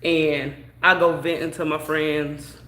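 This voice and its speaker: A young woman casually telling a personal story in a chatty, drawn-out way, peppered with "you know". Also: sits low, level tone, fairly bright tone, slight background noise. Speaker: vlogger. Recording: echoey room.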